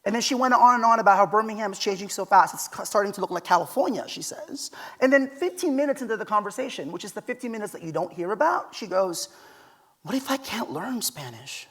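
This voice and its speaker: A man's voice: sits high, expressive, fast talker, hardly any pauses, a bit bright. A man giving a conference keynote from a stage, telling personal stories in a conversational, emphatic way. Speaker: keynote speaker.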